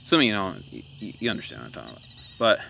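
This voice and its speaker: A man's voice: on the low side, big pitch swings, racing, vocal fry, bright, forceful tone, slight background noise. A man doing casual political commentary in a vlog, rambling and sarcastic, with lots of fillers and restarts, filmed on a handheld camera while he walks around outdoors at dusk. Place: outdoors in a rural area at dusk, moving around.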